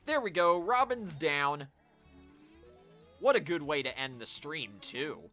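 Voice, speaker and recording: A man's voice: on the high side, lively intonation, slow, sharp tone, faint music behind. A man streaming a video game, chatting casually to viewers as he plays. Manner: chatty, talking to viewers while playing. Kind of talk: casual live-stream commentary.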